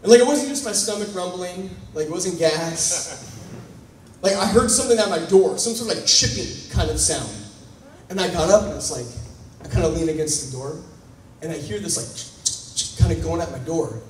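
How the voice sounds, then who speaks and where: Guy with a high voice telling a funny story at a conference, hamming it up, sounds far off in a big echoey hall. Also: moderate pace, slight background noise. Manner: animated, self-mocking, acts out scenes. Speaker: conference speaker. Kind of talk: comic storytelling talk to a live audience. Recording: echoey hall, voice picked up from a distance.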